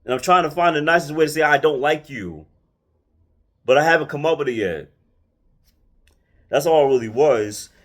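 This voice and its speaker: A man's voice: on the high side, a little fast, pauses often, fairly bright tone. A man telling a personal story to his followers in a blunt, colloquial, emphatic way, often restarting and repeating phrases. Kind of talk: casual storytelling monologue.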